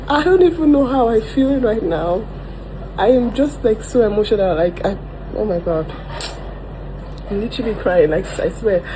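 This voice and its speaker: Woman, mid pitch, earnest confessional vlog, noisy traffic-backed recording. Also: animated, unhurried. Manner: earnest, frequent "like" and "oh my God". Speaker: vlogger sharing stories. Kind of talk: emotional personal vlog.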